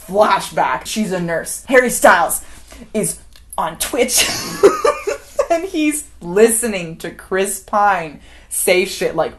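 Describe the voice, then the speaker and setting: A woman's voice: fairly low pitch, animated, a little slow. A woman giving an unscripted, rambling movie recap, often laughing as she acts out scenes. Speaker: film commentator.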